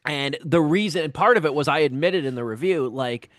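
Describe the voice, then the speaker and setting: A man's voice: a little high, fairly quick, no room sound. A man co-hosting a film podcast in casual chat, talking in a reflective, meandering way. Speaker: podcast co-host.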